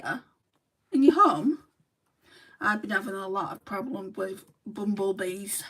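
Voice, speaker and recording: A Lancashire woman with a local accent chats casually on a beauty livestream, answering viewer comments. Her voice sits at a medium pitch. She is recorded from a distance, and the quality is low.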